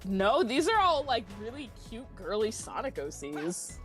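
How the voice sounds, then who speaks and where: A woman co-hosting a casual livestream, her fairly high voice bouncing all over as she reads out chat messages. She giggles often and talks in an animated rush, with faint game music behind her. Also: a little slow. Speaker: stream co-host reading chat.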